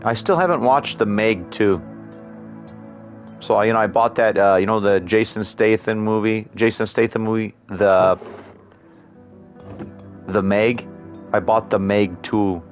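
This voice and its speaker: A man with a fairly low voice talks through his gameplay in a loose, rambling way, dropping "like" constantly and swearing a little. Faint game music plays underneath him. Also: measured pace, long pauses. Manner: rambling, full of "like" and mild swearing. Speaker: gaming streamer. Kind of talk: casual gameplay commentary.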